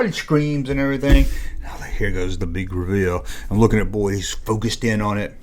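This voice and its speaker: A man's voice: mid-range voice, fairly even intonation, brisk. A man hosting his own video, telling a story casually and acting out scenes with sound effects. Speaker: vlog host.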